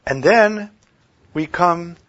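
A man preaching a sermon, swinging from loud declaiming to hushed near-whispers. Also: high-pitched, very slow. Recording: dull lo-fi recording.

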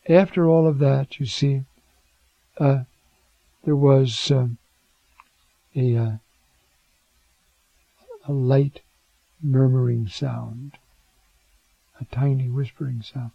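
A man's voice: slow pace, creaky, pauses often, dry recording, muffled recording. An older man preaching a sermon on the prophets, acting out their words with dramatic swings of voice. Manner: dramatic, acts out biblical quotes with rising pitch.

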